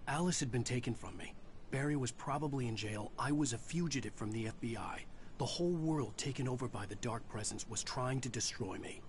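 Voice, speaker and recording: An actor playing a troubled male writer, narrating his ordeal as a measured, grim inner monologue in a game. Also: mid-range voice, a little hiss or hum, lightly acted.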